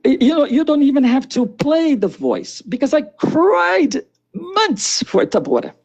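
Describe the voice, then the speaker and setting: A man's voice: very high-pitched, big pitch swings, unhurried, muffled recording. A man in his sixties arguing on a live stream, insistent and repetitive. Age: 60s. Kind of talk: heated live stream argument.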